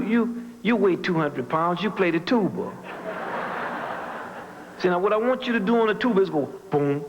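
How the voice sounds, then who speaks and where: Man from new orleans telling a story at a graduation, goes boom boom ch with his mouth, kinda muffled old recording. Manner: vocalizes drum and horn sounds, animated storytelling. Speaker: commencement speaker. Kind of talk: storytelling speech.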